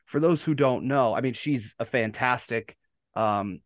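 A man from the United States hosts an easygoing fan podcast, meandering and correcting himself amid frequent fillers. He has a medium pitch and a measured pace, and the recording is dry.

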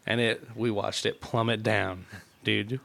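A man's voice: lowish voice, measured pace, vocal fry, noisy background. A man co-hosting a casual podcast, telling a rowdy childhood story with lots of swearing and acted-out quotes. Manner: animated, profane storyteller who acts out quotes. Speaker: podcast co-host.

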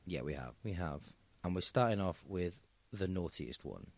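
A man's voice: low voice, lively intonation, normal speed, gravelly, a little mellow. A man co-hosting a podcast in casual chat, joking and mock-boastful, on a microphone on a stand. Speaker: podcast co-host. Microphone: microphone on a stand with a recorder.

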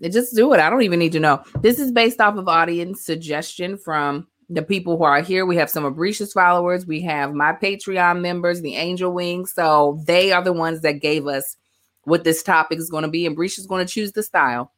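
A woman hosting a podcast in casual chat, animated and hyping, full of slang. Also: fairly low pitch, normal speed, dry recording, clean studio sound. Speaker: podcast host.

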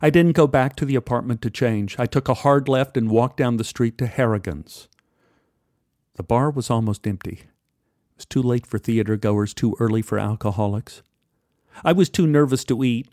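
A man narrates a personal story in a measured, wry way at an everyday pitch. His voice sits close to the mic with a dry sound and no room echo. The pacing is steady and conversational. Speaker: storyteller, podcast host.

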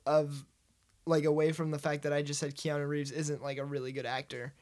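A man's voice: a little high, flat delivery, a little fast, darkish tone. A man co-hosting a podcast in casual chat, teasing and argumentative, laughing often. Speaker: podcast co-host.

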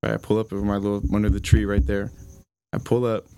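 A young man tells a personal story on a podcast. His voice sits fairly low, and his delivery is halting and casual, full of fillers and the odd curse. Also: monotone, warm tone, clean tone. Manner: halting, many fillers, swears. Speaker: podcast guest.

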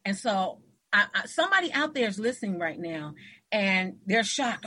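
Husky-voiced woman telling animated stories. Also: fairly high pitch, unhurried. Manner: animated storyteller, acts out quoted voices. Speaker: host. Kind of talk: casual interview conversation.

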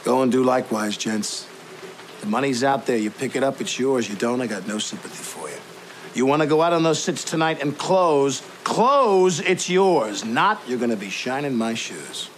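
An actor as a ruthless contemptuous sales boss. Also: male voice, mid-range voice, expressive, moderate pace, a little hiss or hum, lightly acted. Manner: harsh, berating, swaggering. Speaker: film character. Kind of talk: film drama acting.

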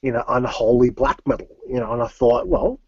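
A man's voice: mid-range voice, very animated, fairly quick, breathy edge, no room sound, lo-fi sound. A man, a metal musician as interview guest, talking casually and rambling with many fillers and restarts.

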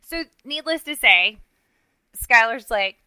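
A middle-aged woman co-hosting a podcast, telling a story in a self-mocking, animated way with lots of restarts and asides. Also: fairly high pitch, slow, smooth, rough recording. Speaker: podcast co-host. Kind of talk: casual storytelling chat.

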